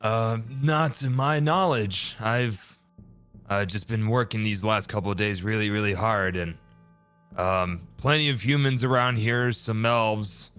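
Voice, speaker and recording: A man's voice: lowish voice, unhurried, a bit bright, clean tone, soft background music, pitched below the performer's own voice. A man voicing a weary old man in disguise who talks hesitantly with many ums in a tabletop game. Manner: hesitant, rambling, lots of ums. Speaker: player.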